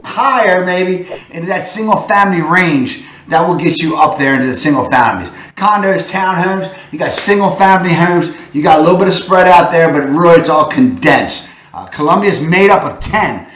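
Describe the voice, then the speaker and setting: A man's voice: expressive, moderate pace, a bit bright, echoey room. A man with a Baltimore accent, hosting a punchy, hype-filled rundown of the local housing market. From Baltimore area, Maryland. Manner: punchy, hypes with catchphrases like "boom". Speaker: real estate video host.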